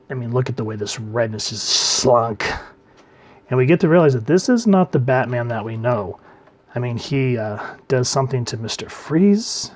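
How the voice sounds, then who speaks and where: A man talks through a comic book in a casual, easygoing review. His voice sits at a middle pitch, and his phrase endings often trail off softly. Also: slightly rough. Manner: relaxed, trails off quietly at phrase ends.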